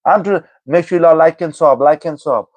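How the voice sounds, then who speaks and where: Guy on a live stream answering chat, slightly high voice, teasing, says people's names over and over, dry close sound. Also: a little fast, a little mellow, no echo. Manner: teasing, repeats commenters' names, keeps saying "you know what I mean". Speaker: livestreamer replying to chat.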